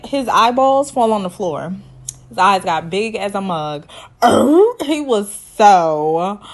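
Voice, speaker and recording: A woman in her late twenties hosting a casual, sassy reality TV recap, acting out the people she talks about and laughing often. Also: on the high side. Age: 20s. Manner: sassy, animated storytelling with impressions and laughter.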